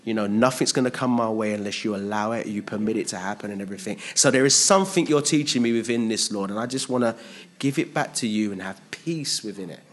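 Lively man preaching a sermon. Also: lowish voice, fast talker, few pauses. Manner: animated, acts out voices, laughs at himself.

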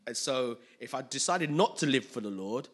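A man preaching in a loose, conversational sermon, often checking that listeners follow along. His voice is husky but forceful and bright. He laughs often as he talks. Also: medium pitch, animated, moderate pace.

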